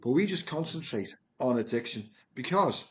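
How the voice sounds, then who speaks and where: A mid-pitched man shares stories from his work in a conversation. He talks earnestly and animatedly, often repeating a word as he gathers speed. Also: animated, moderate pace. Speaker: project manager and guest. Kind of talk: storytelling in conversation.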